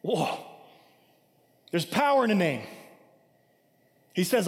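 Male pastor, higher register, casual emphatic sermon delivery with lots of "right?", long hall reverb. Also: very animated, measured pace, long pauses. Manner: conversational preaching with frequent "right?" asides; emphatic, acts out scripture quotes.

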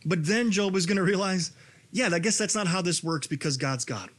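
A man in his thirties preaching a sermon, animated and rising to near-shouting when he reads scripture. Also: high-pitched, fairly quick. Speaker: pastor.

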